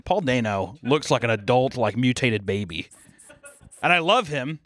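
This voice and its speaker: Animated young podcast co-host man. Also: medium pitch. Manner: animated, swearing, quick jokey riffs with put-on quotes. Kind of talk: casual chat.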